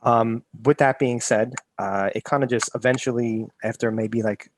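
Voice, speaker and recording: A man's voice: medium pitch, fairly even intonation, normal speed, a little hiss or hum. A man co-hosting a podcast from home over a video call, telling a rambling story with many restarts. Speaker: podcast co-host. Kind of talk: casual podcast chat. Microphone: home setup on a video call.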